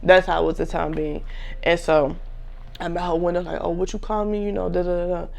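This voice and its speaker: A woman's voice: fairly low pitch, flat delivery, a little fast, gravelly, a little mellow. A young woman in her twenties casually telling a personal story to viewers, candid and full of slang.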